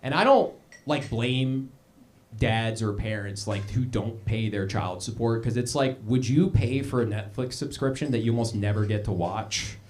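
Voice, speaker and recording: A young man hosting a live comedy show, telling a stand-up bit on stage with an animated delivery and quick put-on voices. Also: mid-range voice, a little hiss or hum. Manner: animated, puts on voices for quoted people.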